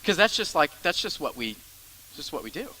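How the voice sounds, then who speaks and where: Bright, emphatic young pastor. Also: male voice, a little high, big pitch swings, fairly quick, a little hiss or hum, low-quality recording. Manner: emphatic, with soft drops into grumbling asides. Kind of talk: sermon.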